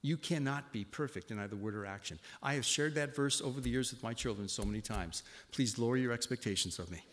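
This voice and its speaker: A man in his sixties giving a sermon, telling a personal story and swinging from hushed reflection to loud exclamations. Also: medium pitch, fast talker, hardly any pauses. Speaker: pastor. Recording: long reverb of a hall.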